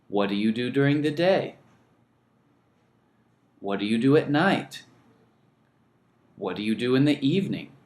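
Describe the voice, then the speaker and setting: A man teaching an English lesson, speaking slowly and deliberately and modelling phrases for learners to repeat. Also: medium pitch, echoey room. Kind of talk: scripted lesson narration.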